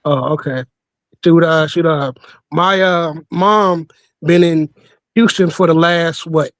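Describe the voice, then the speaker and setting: Man, guest, very slow pace, laid-back drawl, dry close sound. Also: on the high side, no echo, low-quality recording. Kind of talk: casual group discussion.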